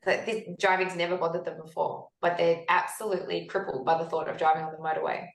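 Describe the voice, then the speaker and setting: A woman in her forties, a health practitioner talking as a guest in a conversational interview, telling stories lively and acting out her own past thoughts. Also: on the low side, fast. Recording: echoey room.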